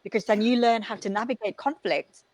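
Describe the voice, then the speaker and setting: A woman's voice: fairly high pitch, steady tone, fairly quick, a little mellow, no echo, poor audio. A woman guest who coaches parents, explaining her ideas in a thoughtful, casual interview.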